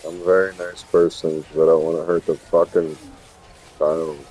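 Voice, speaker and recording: A man with a low voice and a dark, mellow tone talks in casual conversation. He sounds laid-back and often answers in short, dry replies. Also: level tone, moderate pace, rough recording. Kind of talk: casual chat.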